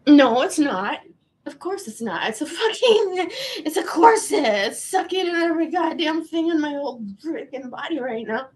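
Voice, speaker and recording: A woman in her thirties hosts a casual livestream in a high-pitched voice with lively intonation and a moderate pace. She rambles and chats, swears freely, and lets sentences trail off unfinished.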